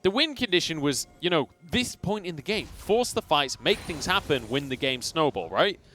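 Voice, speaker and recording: A man's voice: on the high side, sing-song, moderate pace, pushed and bright, faint music behind. A man casting a professional esports match, trading jokey banter with his co-caster between calls. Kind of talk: play-by-play and colour commentary.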